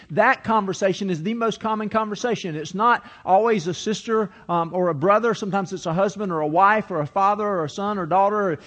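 A pastor with a voice that sits high preaches a sermon, telling a story and reading scripture. He acts out the quoted voices along the way.

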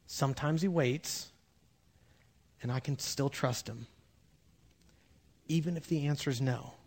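A man preaching a conversational sermon with humorous asides, swinging between loud bursts and hushed moments. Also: mid-range voice, unhurried. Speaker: pastor.

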